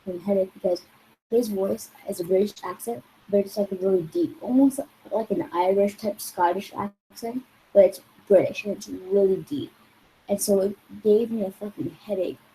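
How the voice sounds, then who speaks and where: A woman's voice: mid-range voice, fairly even intonation, moderate pace, mellow, slight background noise, poor audio. A woman vlogger telling a rambling, exasperated story in casual talk, full of swearing and "like". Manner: rambling and profane, heavy use of "like".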